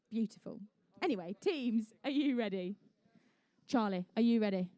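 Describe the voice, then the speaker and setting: At an indoor competition venue, a young Englishwoman referees and commentates live, her bright voice pitched higher than most women's. She talks at a normal speed, expressive and playful, full of chatty jokes, and the sound is close and dry without room echo.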